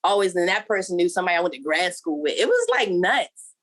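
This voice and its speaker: A woman's voice: on the low side, fast. A woman in her thirties, a football player and guest, chatting casually and acting out quotes as she tells stories. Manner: animated storyteller, acts out quotes. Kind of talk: casual interview chat.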